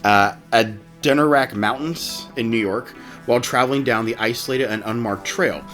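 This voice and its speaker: A man's voice: mid-range voice, normal speed, fairly bright tone, soft background music. A man hosting a podcast, reading a story aloud in a casual way and stopping often to laugh. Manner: reads a story aloud, laughs often, tries put-on narrator voices. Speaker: podcast host.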